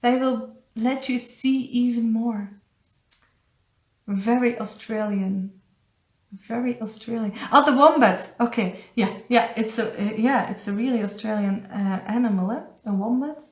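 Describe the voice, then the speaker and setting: A woman with a Dutch accent, a spiritual coach giving a casual live card reading, halting and searching for English words. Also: fairly high pitch. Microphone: phone or webcam on a live stream. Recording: echoey room.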